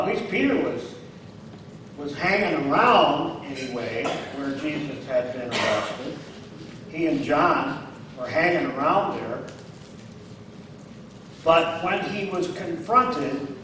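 Man preaching in an echoey hall. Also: on the high side. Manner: conversational, checks in with "all right?"; acts out quoted lines with rising emphasis. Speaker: guest preacher. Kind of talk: sermon. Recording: very echoey, distant mic, faint noise.

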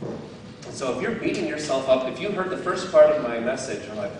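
A man of medium pitch delivers a sermon as a guest speaker, fairly quick and with lively intonation, candidly poking fun at himself amid bursts of laughter. The noisy recording captures him from some distance in a very echoey hall.

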